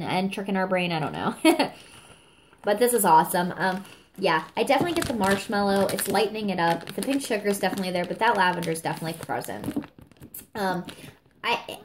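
A woman's voice: medium pitch, a little hiss or hum. A woman reviewing products in a casual, gushing chat, a little sniffly, full of fillers. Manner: gushing, chatty, many fillers, addresses viewers as y'all. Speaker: vlogger reviewing scented products.

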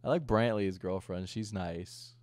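Young male host, low and dry, crude rambling chat. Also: moderate pace, darkish tone, no room sound. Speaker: streamer and host. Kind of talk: casual podcast chat.

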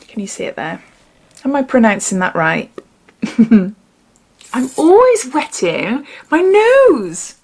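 A woman chatting casually as she unboxes and sniffs gins, giggling often and dropping into whispers. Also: mid-range voice. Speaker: beauty vlogger.

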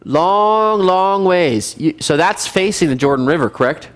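A man teaching a casual Bible survey class as pastor, lively and animated, acting out scenes now and then. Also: unhurried. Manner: lively, animated, acts out scenes with sudden high shouts and laughs. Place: church fellowship room.

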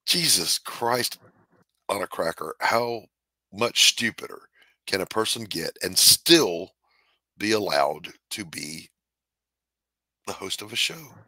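A man's voice: deep voice, lively intonation, slow pace, pauses often, sharp tone, no room sound. A middle-aged man hosting a podcast, cracking jokes in casual comedic chat and laughing at his own lines. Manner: wisecracking, laughs and coughs through jokes. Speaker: podcast host.

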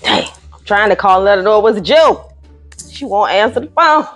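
A woman's voice: medium pitch, lively intonation, a little fast, fairly bright tone. Woman chatting on the phone, apologetic, voice jumps around a lot, faint music under it. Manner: apologetic, emphatic, talks with friends nearby. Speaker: vlogger doing a prank call. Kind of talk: casual phone chat and vlog talk.

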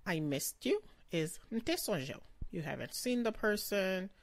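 A woman giving a slow vocabulary lesson, pronouncing each word carefully and repeating it. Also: mid-range voice, big pitch swings, a little hiss or hum. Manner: slow, careful pronunciation with repetitions. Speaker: language teacher.

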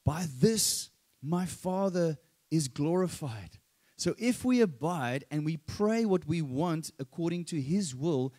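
A man's voice: sits high, dark tone. A male pastor with a South African accent preaching a sermon, emphatic and rising on key phrases.

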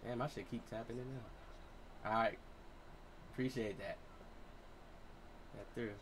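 A man's voice: mid-range voice, fairly even intonation, takes it slowly, a little hiss or hum. A young man streaming a basketball video game live, talking loosely in slang to his teammates and his chat. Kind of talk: casual live game commentary.

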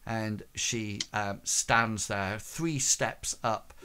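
Guy running a tabletop game, slow and rambly, lots of um and like, bright voice. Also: fairly low pitch, steady tone, a little hiss or hum. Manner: rambling narration with many fillers. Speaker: game master.

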